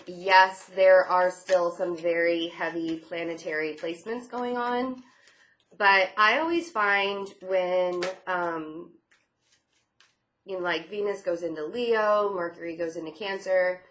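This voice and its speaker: Young female tarot reader, casual and chatty with a sarcastic edge, slightly low voice. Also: a bit bright. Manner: chatty and sarcastic, many fillers and laughs.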